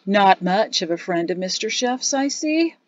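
A woman's voice: medium pitch, expressive, measured pace, no room sound, lo-fi sound, lightly acted. A woman voicing a bored, condescending older doorman who intones his words, in a storybook reading. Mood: bored haughty.

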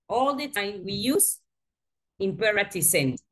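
Lively woman teaching English. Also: medium pitch. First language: Spanish. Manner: slow, patient explaining with lively emphasis. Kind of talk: online grammar lesson. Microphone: video call.

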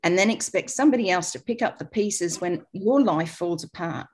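A middle-aged Australian woman with an Australian accent, hosting a webinar and giving a blunt, emphatic sales pitch over a video call. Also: expressive, moderate pace, darkish tone, breathy edge. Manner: blunt, emphatic, talks straight to listeners. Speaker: webinar host.

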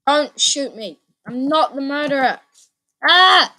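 Woman, let's play commentary, high voice, swooping, slow-paced, excitable, repetitive. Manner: excitable, repeats phrases, sudden yelps. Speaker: gaming channel host.

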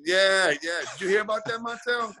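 A man's voice: sits high, brisk, sharp tone, a little hiss or hum, rough recording. A man being interviewed as a boxing guest over a video call, telling a long story with lots of fillers. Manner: rambling, many "you know" fillers. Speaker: guest boxer.

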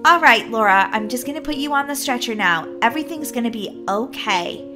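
A woman voicing a paramedic in a Roblox roleplay story, brisk and reassuring. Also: fairly high pitch, animated, music in the background, lightly acted. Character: brisk kindly female paramedic.

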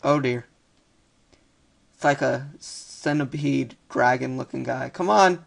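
A young man giving casual let's-play commentary, excitable, often yelping and muttering "oh dear" as he plays. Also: mid-range voice, slow pace, creaky, pauses often. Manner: excitable, frequent yelps and "oh dear". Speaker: gaming video host. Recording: keyboard clicks and typing behind.

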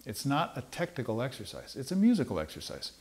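A man teaching trumpet in a relaxed, conversational way, pausing with fillers and restarting phrases as he explains. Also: medium pitch. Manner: sings rhythms on syllables to demonstrate. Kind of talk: relaxed instructional talk.

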